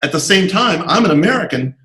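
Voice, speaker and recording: A man being interviewed about his screenwriting career, telling animated, digressive stories full of asides over a video call. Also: sits high, fast, roomy sound, rough recording. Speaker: interview guest, screenwriter and comic artist. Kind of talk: casual anecdotal storytelling.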